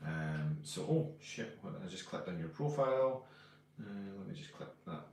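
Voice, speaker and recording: A Scottish man with a slightly low voice hosts a relaxed live chat. He reads out viewers' names and greets each of them in a friendly, rambling way. His voice sits a bit back from the mic, and a strong room echo hangs around it. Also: moderate pace, recorded from a distance, a little hiss or hum. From Scotland. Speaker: co-host of a live stream. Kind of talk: casual live-stream chat reading comments.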